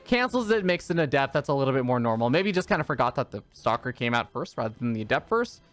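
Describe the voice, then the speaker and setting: Esports caster, mid-pitched voice, animated delivery, hedging analysis, soft music behind. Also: fast. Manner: lively, animated play-by-play with hedged analysis. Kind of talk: live play-by-play commentary.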